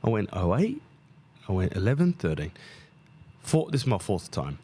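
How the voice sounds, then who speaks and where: A man's voice: on the low side, moderate pace, husky. A man in his thirties, casually telling a travel story on his podcast, swearing freely and acting out the people he met. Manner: animated, swears freely, acts out quoted people. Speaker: podcast host.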